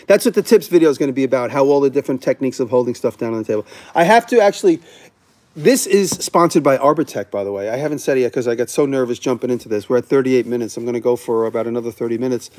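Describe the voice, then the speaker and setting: A medium-pitched male voice with a slightly mellow quality hosts an easygoing livestream. Taking viewers' questions, he rambles openly and keeps interrupting himself mid-thought.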